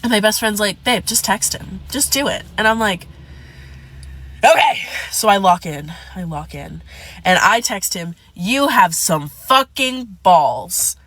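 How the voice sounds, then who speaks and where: Bright-voiced woman telling a dramatic storytime. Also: mid-range voice, moderate pace. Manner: dramatic, profane, addresses viewers as "divas". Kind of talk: casual storytime.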